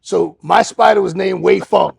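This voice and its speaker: Gravelly high-voiced man telling a story. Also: moderate pace. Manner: acts out other voices, shouting and laughing. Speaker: podcast host. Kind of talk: animated storytelling.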